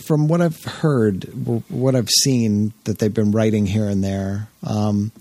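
A man's voice: lowish voice, fairly even intonation, a little slow, mellow, no echo. A man co-hosting a casual podcast, chatting in a rambling way with frequent restarts and asides. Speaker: podcast co-host. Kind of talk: casual chat.

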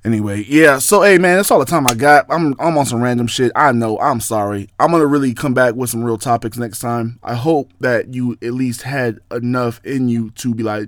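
A man's voice: normal speed, hardly any pauses, no echo. A young man hosting a casual podcast, ranting in a rambling, profane way. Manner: profane, rambling, jumpy pitch. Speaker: podcast host. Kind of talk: casual rant monologue.

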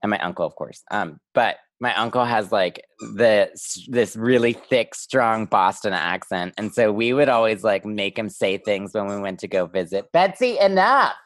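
A woman's voice: a bass voice, normal speed, few pauses, no room sound, studio quality. A woman co-hosting a podcast, chatting casually in rambling, easygoing asides. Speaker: podcast co-host. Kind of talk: casual chat.

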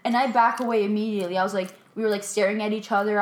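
A woman's voice: medium pitch, rapid-fire, a little hiss or hum. Chatty woman in an echoey room. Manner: relaxed, chatty, says "right?" often. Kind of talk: casual storytelling chat.

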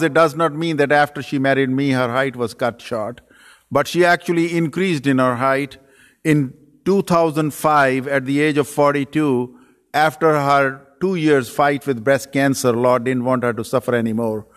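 Man preaching in a church hall. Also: mid-range voice. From Pakistan. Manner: earnest, lists phrases in threes, dry self-deprecating humor. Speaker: guest preacher and missionary leader. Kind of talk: sermon. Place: church sanctuary. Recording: long reverb of a church sanctuary.

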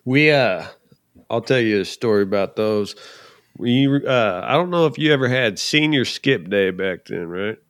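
A man's voice: lowish voice, expressive, unhurried, no room sound, clean studio sound. A man hosting a podcast, telling a story in a laid-back, easygoing way. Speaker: podcast host. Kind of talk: casual chat.

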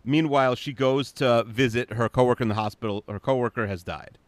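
Young man co-host, mid pitch, dry close recording; halting, filler-heavy recap. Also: fairly even intonation, no echo. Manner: hesitant, many fillers and restarts, dry. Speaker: podcast co-host. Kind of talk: casual chat recapping a movie plot.

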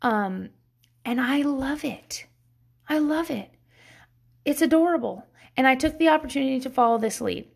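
A woman's voice: sits high, animated, moderate pace, creaky, pauses often. A woman, a mother of young kids, giving a candid, casual self-help talk, swearing freely and laughing often.

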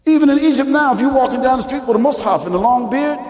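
A man preaching a lecture-style sermon, emphatic and full of rhetorical questions, sometimes rising to a shout. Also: very high voice, fast talker, few pauses. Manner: rises into shouting at peaks. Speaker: Muslim preacher. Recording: echoey hall with long reverb.

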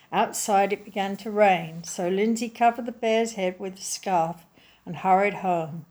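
Woman, storyteller, children's story read aloud, gentle, clear. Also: medium pitch, unhurried.

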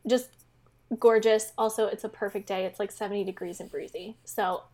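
A woman's voice: mid-range voice, fairly even intonation, moderate pace, dark tone. A woman co-hosting a podcast in casual chat, gushing and chatty with many fillers. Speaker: podcast co-host.

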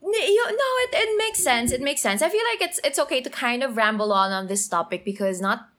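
A woman's voice: sits high, brisk. A young woman, co-hosting a casual chat and switching between languages. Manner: code-switching, animated, laughs easily. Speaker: podcast co-host.

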